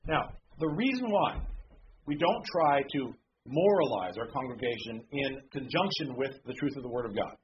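A man preaching a sermon as pastor, talking conversationally with frequent "okay?" check-ins and reading scripture slowly and deliberately. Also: mid-range voice, expressive. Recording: dull lo-fi sound with faint background noise.

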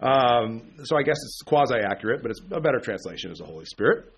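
A man's voice: mid-range voice, very animated, brisk, slight background noise. A man preaching an informal sermon, blunt and sarcastic, with folksy asides. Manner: mocks emotional prayers in exaggerated voice.

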